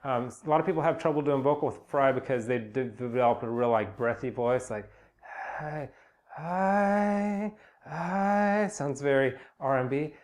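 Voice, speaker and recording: A young man giving a casual spoken singing lesson, relaxed and rambling, with many fillers and restarts. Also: mid-range voice, fairly quick, few pauses. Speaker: singing teacher. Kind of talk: casual spoken vocal lesson with sung demonstrations.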